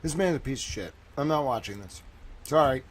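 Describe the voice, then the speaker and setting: A man hosting a live reaction stream, swearing freely and swinging between low mutters and loud exclamations. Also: lively intonation, fairly quick.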